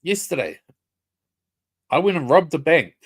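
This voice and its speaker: A man's voice: on the high side, sing-song, a little slow, husky. A man ranting confrontationally on a casual livestream, swearing and repeating himself. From New Zealand.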